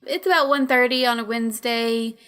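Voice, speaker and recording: A woman narrating a tabletop role-play game as game master, relaxed and casual, with fillers and laughs. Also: on the high side, a little fast, clear, resonant tone.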